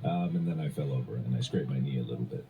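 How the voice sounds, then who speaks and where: A man co-hosting a podcast in casual comedic chat, telling a rambling story with animated delivery. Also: rumbling low, fast talker, creaky, narrow, tinny audio, background noise. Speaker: podcast co-host.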